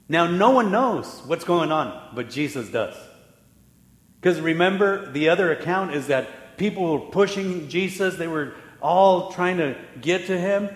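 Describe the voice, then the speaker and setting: A man delivers a sermon as pastor, his voice sitting a little high for a man. He tells the story animatedly, acting out the voices of the people in it. His words ring through a roomy hall with a long echo. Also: expressive, unhurried. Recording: echoey hall with long reverb.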